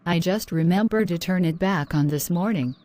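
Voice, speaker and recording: A woman playing a shy, troubled young student in a cartoon story, in a fairly low, subdued and hesitant voice. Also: normal speed, a little mellow, natural voice. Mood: apologetic. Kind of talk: animated story voice acting.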